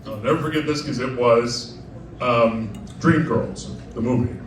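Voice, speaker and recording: A man's voice: medium pitch, unhurried. A man performing live comic storytelling at a club, chatty and digressive, often laughing as he talks. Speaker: cabaret performer. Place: club stage with diners. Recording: echoey live room, distant mic, crowd noise.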